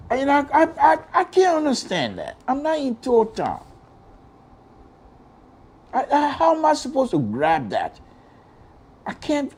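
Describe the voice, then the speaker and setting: Running a political call-in program on the radio, this Liberian English-accented man is exclamatory and emphatic, circling back to the same points again and again. He has a very high voice with a darkish, slightly rough tone.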